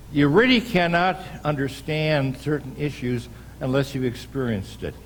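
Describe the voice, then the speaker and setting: Older American pastor telling a story. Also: male voice, mid-range voice, slight background noise. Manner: unhurried storyteller, pausing and restarting. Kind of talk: sermon storytelling. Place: church.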